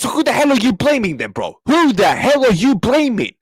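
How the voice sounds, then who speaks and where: A man's voice: sits high, huge pitch swings, moderate pace, hardly any pauses, husky, no echo, clean studio sound. Angry young man ranting. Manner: angry, repetitive, swearing, talks back to chat. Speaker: football reaction streamer. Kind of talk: live match reaction rant.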